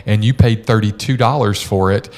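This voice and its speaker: A man's voice: fairly low pitch, steady tone, normal speed, darkish tone. A middle-aged man co-hosting a podcast, chatting casually and telling stories with lots of "uh" and "you know". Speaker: podcast co-host.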